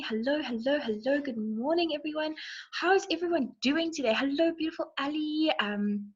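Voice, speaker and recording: Upbeat woman host on a lo-fi phone live stream, greets viewers warmly by name, bright higher register. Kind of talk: casual live stream chat.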